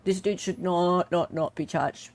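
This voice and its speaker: A woman with an Australian accent hosting a casual livestream, chatty and lively as she reads out chat messages and posts. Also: lowish voice, measured pace, slight background noise. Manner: chatty, animated, reads chat aloud with laughs. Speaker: livestream host.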